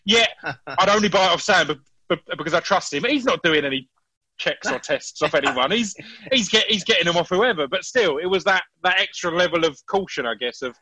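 Guy rambling through a story, restarts a lot, bright tone, dead dry room. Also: high voice, a little fast, no room sound, poor audio. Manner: animated storytelling with frequent restarts. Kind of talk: casual chat.

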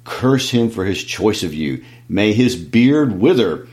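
A man's voice: deep voice, animated, normal speed. A man voicing an angry, proud dwarf king while reading a book aloud, raising his voice in threats. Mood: furious. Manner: shouting, raised voice, threatening. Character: furious proud dwarf king, gruff male.

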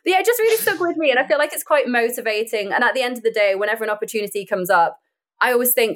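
Chatty, laughing actress. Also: female voice, a little high, rapid-fire. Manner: chatty, laughs often, animated storytelling. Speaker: actress and podcast guest. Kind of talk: casual chat.

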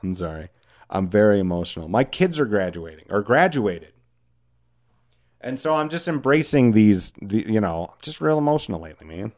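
Rambling, candid middle-aged podcast host. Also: male voice, on the low side, big pitch swings, moderate pace, darkish tone. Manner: rambling, candid, self-deprecating, lots of "like". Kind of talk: casual monologue.

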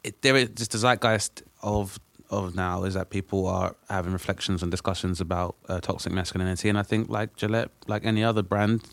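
A man in casual talk, his voice sitting a little low and recorded close and dry. He speaks reflectively, circling back and restarting his sentences as he works out his point. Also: fairly even intonation, a little fast, creaky, hardly any pauses, fairly bright tone, no room sound. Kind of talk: casual chat.

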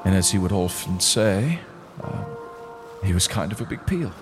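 A man's voice: low voice, big pitch swings, moderate pace, over loud music. A man voicing a grieving male sea captain who gives a formal, stately eulogy. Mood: mournful.

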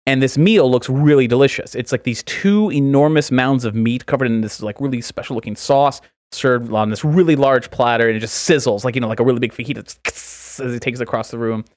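A man's voice: medium pitch, a little fast, hardly any pauses, darkish tone, no echo, studio quality. Rambling male podcast co-host. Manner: rambling, filler-heavy storytelling. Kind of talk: casual podcast chat, telling a long joke.

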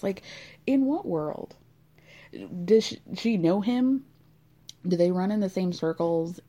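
A woman hosting a casual gossip podcast, sarcastic and rambling, with an animated voice that jumps around in pitch. Her tone is mellow and warm rather than bright, and she giggles her way through her tangents. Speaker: podcast host.

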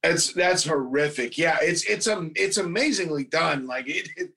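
An excitable man with a high, bright voice, co-hosting a horror-film chat and swearing when a scene shocks him. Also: normal speed, gravelly. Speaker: podcast co-host. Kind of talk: casual film discussion.

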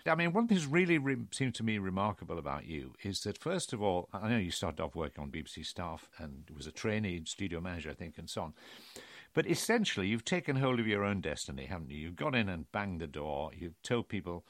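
Older male radio host, low-ish and animated, dry studio sound. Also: a little fast, dry recording. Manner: jovial, probing questions. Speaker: interviewer, radio presenter. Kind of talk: conversational radio interview.

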